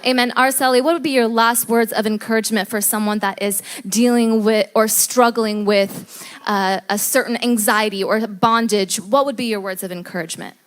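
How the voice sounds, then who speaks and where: A woman's voice: a little high, fairly even intonation, normal speed. A woman interviewing a guest at church, emphatic and answering with repeated amens.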